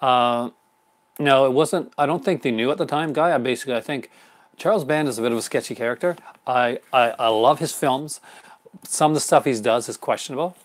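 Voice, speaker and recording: A man's voice: medium pitch, brisk. A man hosting a live unboxing stream in casual chat, rambling and chuckling often. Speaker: host.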